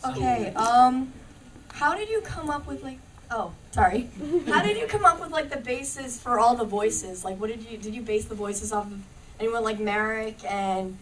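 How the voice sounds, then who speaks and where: A woman's voice: a little high, expressive, moderate pace, slight background noise. A woman in the audience asking a question at a convention panel, hesitant and full of fillers. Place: crowded convention panel room. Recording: distant mic over loud crowd.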